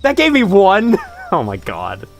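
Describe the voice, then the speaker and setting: This young streamer chats and laughs through live gameplay commentary, talking to the creatures on screen. His voice is high with wildly swooping pitch, and he speaks unhurriedly. Faint music plays in the background.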